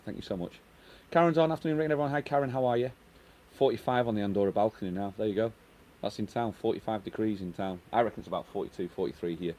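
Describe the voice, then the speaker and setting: A man's voice: fairly low pitch, dark tone, a little hiss or hum. A middle-aged man hosting a live stream outdoors on his terrace, chatting casually and reading out viewer comments, with the microphone set down on a table. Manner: chatty, reads out viewer comments and answers them.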